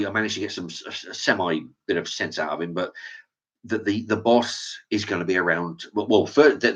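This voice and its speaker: Male vlogger, low voice, rambling profane rant, muffled lo-fi recording. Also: fairly bright tone. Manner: profane, rambling, with stammered restarts. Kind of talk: casual ranting monologue. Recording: dull lo-fi sound.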